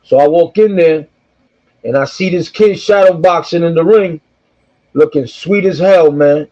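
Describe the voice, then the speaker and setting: A male co-host who tells animated anecdotes in a casual podcast conversation. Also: fairly high pitch, unhurried. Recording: dull lo-fi audio.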